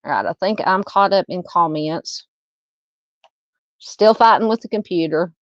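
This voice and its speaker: A woman's voice: on the low side, measured pace, no room sound, lo-fi sound. A woman with a Southern accent hosting a true crime livestream, chatting casually, reading viewer comments and thanking them, with many fillers and laughs.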